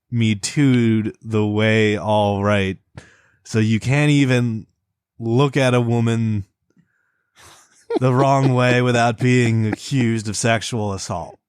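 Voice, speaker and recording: A man in the middle of casual podcast banter, his voice sitting at an ordinary pitch and recorded close and dry. He talks in fits and starts, restarting phrases and grumbling about what he has to read. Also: steady tone, clean tone, no room sound. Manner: halting, self-interrupting, complains while reading. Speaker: podcast co-host. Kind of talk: casual podcast banter, reading a transcript aloud.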